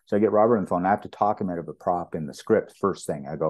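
Deep-voiced man telling stories. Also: rapid-fire, few pauses. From Canada. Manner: animated storyteller, acts out quoted dialogue. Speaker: property master, guest. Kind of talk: anecdotal storytelling in an interview.

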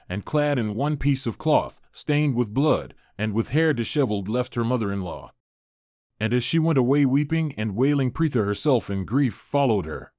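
A man reading an ancient epic aloud as an audiobook narrator, in a measured, even manner. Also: mid-range voice, dry recording, clean studio sound.

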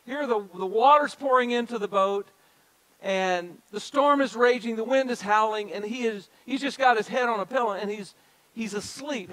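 Man, pastor, sermon, very high-pitched, repeats key phrases, addresses the congregation. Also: normal speed, a bit bright, rough recording. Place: church sanctuary.

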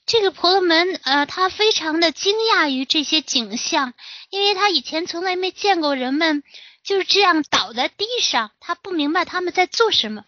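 A woman interpreting a lecture phrase by phrase, with fillers and pauses between her phrases. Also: extremely high pitch, lively intonation, sharp tone, no echo. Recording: dry, lo-fi recording.

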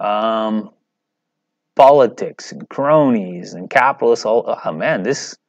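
A male teacher lectures over slides in a loose, conversational way and keeps asking the class questions. His voice sits low. The sound is muffled and dull, and dry, with no room echo. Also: expressive, slow pace, creaky.

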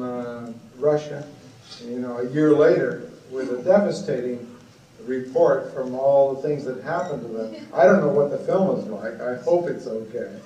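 A man's voice: mid-range voice, mellow, recorded from a distance, highs cut off. A man in his fifties from Illinois giving a talk, rambling through anecdotes with exclamations and asides. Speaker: guest speaker. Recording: echoey hall taped from the audience on cassette.

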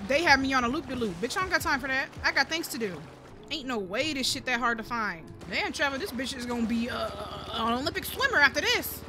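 A woman streams a game, loud, playful and swearing a lot as she talks to her viewers and the characters on screen. Her voice sits high, with game music clearly playing behind her. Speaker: gaming streamer. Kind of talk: casual let's-play commentary.

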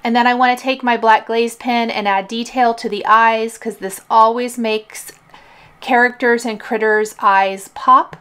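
A woman hosting a card-making tutorial, calmly explaining each coloring and gluing step in a relaxed, chatty way. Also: on the high side, a little slow, clear, resonant tone. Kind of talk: craft tutorial voice-over.

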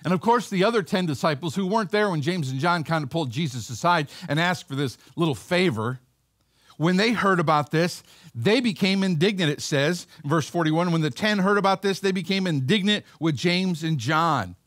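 A man's voice: fairly high pitch, animated, moderate pace, a bit bright, no echo, studio quality. A male pastor giving a sermon in a conversational way, acting out the voices of the people in a Bible story.

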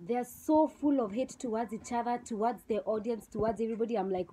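A woman's voice: on the high side, fast talker, few pauses, mellow, a little hiss or hum, poor audio. Blunt young Kenyan woman vlogger. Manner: blunt, scornful, slips into Swahili slang. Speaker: vlogger reviewing a TV show. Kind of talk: casual opinionated review.

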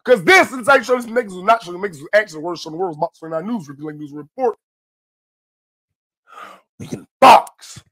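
Host, male, young, Philadelphia accent, high-pitched voice, profane commentary rant with shouted outbursts. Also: very fast, few pauses.

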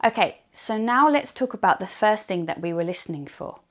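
A woman teaching an online English lesson, slowly and deliberately repeating example phrases. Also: medium pitch, expressive.

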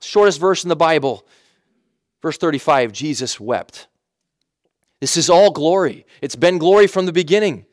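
A man's voice: on the high side, expressive, normal speed, long pauses, dry recording, studio quality. A man preaching a sermon in a conversational way, with emphatic repetition and frequent self-corrections. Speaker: pastor.

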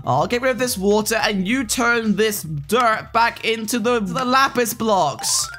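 A woman voicing a mischievous prankster boy who narrates his gameplay in a loud, teasing manner. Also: fairly high pitch, expressive, measured pace. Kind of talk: gameplay role-play commentary. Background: background music.

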